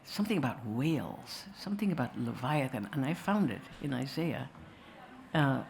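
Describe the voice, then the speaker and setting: A woman's voice: very deep voice, lively intonation, normal speed, gravelly, a little mellow, a little hiss or hum. Wry digressive woman telling a story. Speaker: filmmaker answering questions. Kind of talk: storytelling talk to an audience. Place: festival venue with audience.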